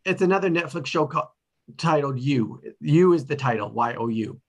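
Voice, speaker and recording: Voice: medium pitch, normal speed. A host wrapping up an online table-read show over a video call, upbeat and encouraging. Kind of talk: casual chat, wrapping up the show.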